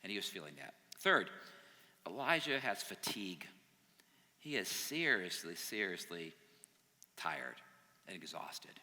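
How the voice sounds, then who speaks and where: Guy preaching to young adults, super bright tense voice, acting out the bible characters, big echoey hall. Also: sits low, unhurried, long pauses. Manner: animated, acts out the characters' lines, conversational asides. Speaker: youth pastor. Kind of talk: retelling a Bible story to a young adult group. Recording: long hall reverb.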